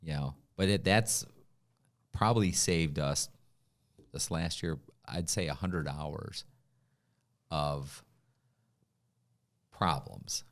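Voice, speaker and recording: A man's voice: a bass voice, slow, pauses often. A man hosting a casual interview, chatty and agreeable, reacting readily to his guest. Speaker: host of a real estate talk show.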